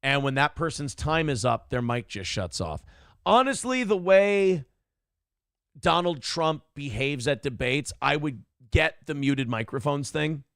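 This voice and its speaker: A man's voice: fairly high pitch, lively intonation, a little slow, gravelly, a bit bright, smooth, dry recording, studio quality. A man hosting a livestream morning commentary show, blunt and profane, rambling through opinions and reading chat comments aloud.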